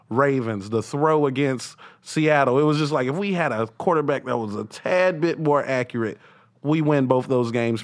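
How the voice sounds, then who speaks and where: A man who does stand-up, a podcast guest chatting casually and laughing often. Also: mid-range voice. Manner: laughs often, rambling sports talk. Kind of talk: casual chat.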